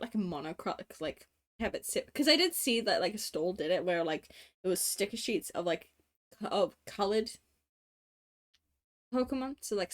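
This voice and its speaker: Rambling Australian woman streamer. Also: lowish voice. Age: late 20s. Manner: rambling, many "like" fillers, swears casually, laughs often. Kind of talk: casual chat while drawing.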